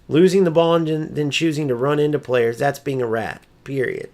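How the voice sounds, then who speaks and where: Male streamer, fairly high voice, heated mocking rants during live gameplay, salty and profane. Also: normal speed, darkish tone. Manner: ranting and mocking, swears freely; mimics opponents in a high sneering voice. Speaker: gaming streamer. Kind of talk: live gameplay commentary and chat.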